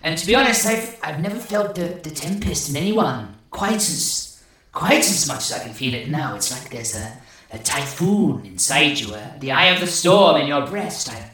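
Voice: mid-range voice, fairly bright tone, lightly acted. A game master putting on a cold Welsh sea goddess. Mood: probing. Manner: slow, drawn-out, calls the listener "boy". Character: ancient sea goddess, cold, savage, imperious. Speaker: game master voicing a deity. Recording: very echoey, distant from the mic.

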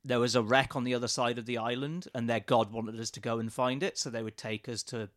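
A man's voice: medium pitch, steady tone, a little fast, fairly bright tone. A man playing a tabletop game who explains his plan in a jokey, casual way. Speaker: player.

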